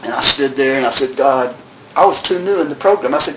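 A man telling his recovery story, earnest, with many restarts, dropping his voice low on the sad parts. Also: brisk, reverberant, noisy background. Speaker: recovery meeting speaker.

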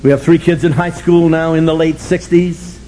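Older man, wry confessional storyteller, slightly high voice, erupts into shouts. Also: normal speed, a little hiss or hum, rough recording. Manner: animated, sardonic, bursts into shouting. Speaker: speaker sharing his story at a recovery meeting.

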